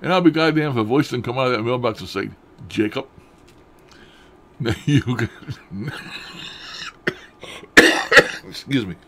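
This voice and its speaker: A man's voice: medium pitch, unhurried, pauses often, sharp tone. Folksy, chuckling man telling ghost stories. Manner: folksy, chuckling, loose grammar, trails off and restarts. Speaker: paranormal vlogger. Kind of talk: casual rambling storytelling to camera.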